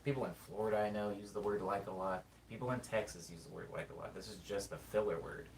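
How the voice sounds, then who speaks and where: A man from California with a Californian accent, chatting casually as a streamer, thinking aloud and reading chat in a rambling, drawn-out way. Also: low voice, fairly even intonation, creaky. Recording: roomy sound, mic at a distance, faint background noise.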